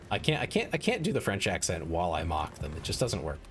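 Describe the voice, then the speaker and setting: Deep-voiced man chatting through a game stream. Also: very animated, fairly quick, soft background music. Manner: rambling and self-mocking, many "like" fillers. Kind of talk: casual gaming stream chat.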